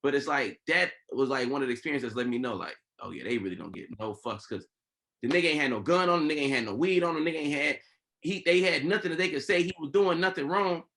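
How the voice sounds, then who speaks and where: A man hosting a podcast in casual chat, telling a story with lively, acted-out quotes from the people in it. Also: a little high, fast. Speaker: podcast host.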